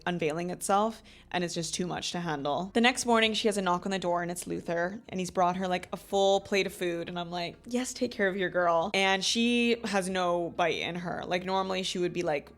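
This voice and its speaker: A woman in her thirties hosting a book club, recapping chapters in a chatty, gushing way full of "like" fillers. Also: fairly low pitch. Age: 30s.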